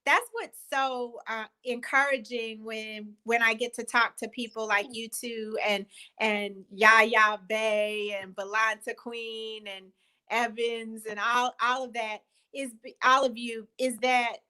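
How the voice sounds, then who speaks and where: Earnest woman guest on a video call, bright and higher-pitched, thoughtful, restarts phrases. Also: flat delivery, takes it slowly, rough recording. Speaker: guest, company co-founder. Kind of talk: casual video chat interview.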